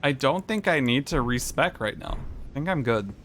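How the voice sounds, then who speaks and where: A man's voice: medium pitch, lively intonation, moderate pace, fairly bright tone, a little hiss or hum. A man casually commenting on a game he is streaming, thinking aloud and talking to his chat. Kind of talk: casual gaming livestream commentary.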